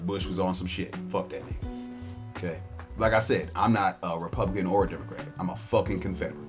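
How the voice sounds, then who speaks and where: A man's voice: deep voice, fairly even intonation, a little fast, over music. A man giving a blunt, profane, mocking rant of political commentary. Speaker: online commentator.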